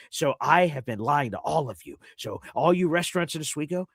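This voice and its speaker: A man tells a story on a casual podcast and slips into the voices of the people in it. His pitch rises and falls widely, and his voice sits a little high. The recording is dry and close. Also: a little fast, few pauses, dry recording. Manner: animated storyteller acting out phone calls. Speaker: podcast host. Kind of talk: casual chat.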